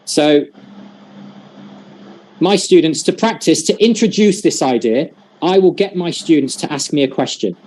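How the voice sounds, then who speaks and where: A man's voice: fairly high pitch, animated, measured pace, a little mellow. A man leading a teacher-training workshop over a video call, explaining patiently and demonstrating with examples.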